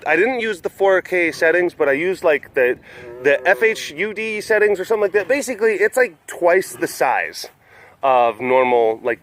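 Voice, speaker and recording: A man's voice: a little high, a bit bright. A man hosting his own vlog in a loose, rambling chat, often restarting sentences and laughing. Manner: rambling, self-interrupting, laughs easily. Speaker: vlog host. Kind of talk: casual chat to camera.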